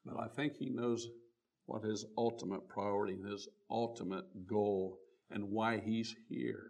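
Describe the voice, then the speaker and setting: A man preaching a sermon, reading old-style scripture aloud and stopping often to restart, his voice swelling on key words and then dropping low and quiet. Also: vocal fry. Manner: reads scripture aloud in King James wording with frequent restarts.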